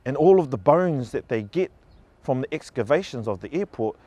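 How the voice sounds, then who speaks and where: A man's voice: medium pitch, animated, normal speed, warm tone, no room sound. A man giving an emotional personal testimony, earnest and heartfelt, growing passionate. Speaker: speaker telling a story.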